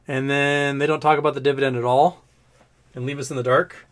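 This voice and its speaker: A man's voice: medium pitch, flat delivery, fairly quick. Man with a scratchy throat, rambling. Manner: rambling, jokey, reads viewer questions aloud. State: scratchy throat after illness. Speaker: livestream host. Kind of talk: casual livestream chat.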